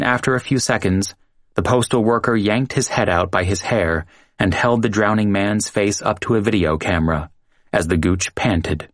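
A male narrator reads a true-crime story in a measured, dramatic way. His voice sits low, and the recording is dry and close, with no room sound. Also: dry recording. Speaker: audiobook narrator.

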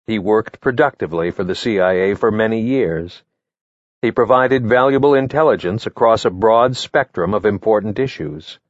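A man narrating his memoir in a measured, matter-of-fact way, reading from a script. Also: on the low side, dry recording, highs cut off. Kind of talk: first-person memoir narration, read from a script.

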